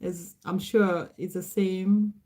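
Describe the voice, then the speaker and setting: A woman's voice: lowish voice, level tone, slow, dark tone. A middle-aged woman with a Kenyan accent, hosting a casual livestream and reading out viewer comments, greeting people by name. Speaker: livestream host.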